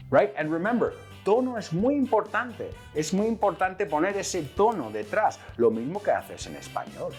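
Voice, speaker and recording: A man teaching English in a lively, energetic way, his pitch swooping widely as he acts out example phrases. His voice sits a little high for a man, and faint music plays behind him. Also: normal speed. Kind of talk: bilingual English lesson.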